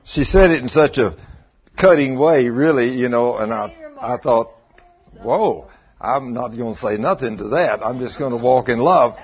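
A man's voice: mid-range voice, normal speed, muffled recording. A man preaching and telling chatty stories to his church, laughing often. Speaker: pastor. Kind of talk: folksy sermon storytelling.

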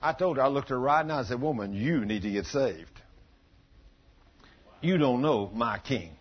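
A middle-aged man preaching a sermon, telling folksy stories and swinging from quiet asides to loud emphatic bursts. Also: mid-range voice, expressive, moderate pace, long pauses, slightly rough. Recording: dull lo-fi church recording.

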